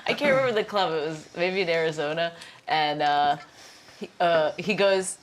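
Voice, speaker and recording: A woman guest comedian chatting in a kitchen, telling a story with animated laughing voices. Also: sits low, moderate pace. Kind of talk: casual chat.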